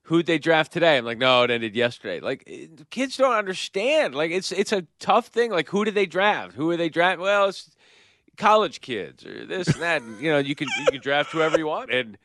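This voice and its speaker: A man's voice: fairly high pitch, animated, normal speed, a bit bright, dry recording, clean studio sound. A man in his thirties co-hosting a podcast, telling stories with frequent laughs in a casual chat. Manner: storytelling, laughing often. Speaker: podcast co-host.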